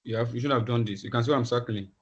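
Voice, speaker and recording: Man, instructor, online coding class, halting repeated phrasing, muffled call audio. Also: medium pitch, steady tone. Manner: halting, repeats words, thinks aloud. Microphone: video call. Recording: dull lo-fi video call audio.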